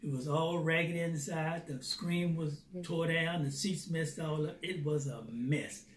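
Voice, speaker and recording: A man telling a personal faith testimony as a lively storyteller who acts out the dialogue. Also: on the high side, measured pace. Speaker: Christian theater founder. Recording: roomy, distant mic, faint noise.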